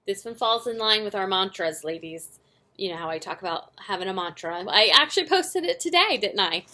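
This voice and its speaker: A young woman giving a casual motivational recap to her sales team, earnest and animated, often laughing at herself and using many fillers. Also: medium pitch, fairly quick. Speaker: direct sales team leader.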